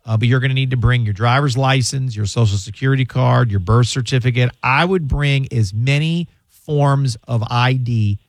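A man's voice: mid-range voice, normal speed, no echo. Brief: middle-aged male radio host, loose rambling advice, fillers, dry close studio mic. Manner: rambling, repeats words, many fillers. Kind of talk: casual call-in advice.

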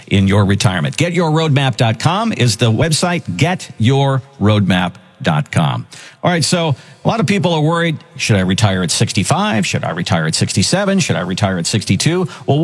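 A man hosts a financial radio show with an upbeat, promotional delivery. His pitch moves a lot and his tone is husky.

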